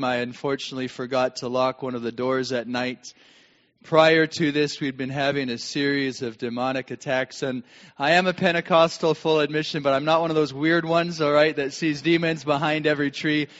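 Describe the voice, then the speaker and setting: A middle-aged man preaching a sermon and telling a personal story, dramatic and swinging from hushed tones to shouting. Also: fairly high pitch, fairly even intonation, a little fast. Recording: long hall reverb, dull lo-fi sound.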